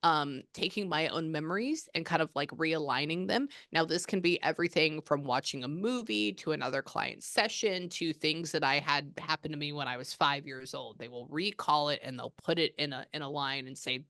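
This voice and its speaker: A woman's voice: sits low, fairly quick, a bit bright, no echo, studio quality. A woman from Texas, working as a spiritual medium in a reading session over a video call. She talks in a chatty, rambling way and keeps breaking off to say "hold on.". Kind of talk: live reading session with a client.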